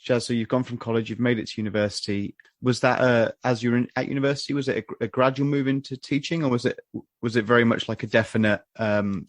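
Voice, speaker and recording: A man's voice: medium pitch, fairly even intonation, quick pace, no echo, clean studio sound. A man hosting an interview, asking long questions in hesitant, rambling phrasing with many fillers. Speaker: host.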